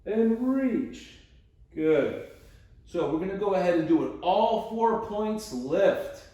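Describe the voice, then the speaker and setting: A man leads a floor stretching class at an unhurried pace, with light jokes and steady counting of breaths and reps. His voice sits a little high for a man. The sound is distant, with a strong roomy echo. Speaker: exercise instructor.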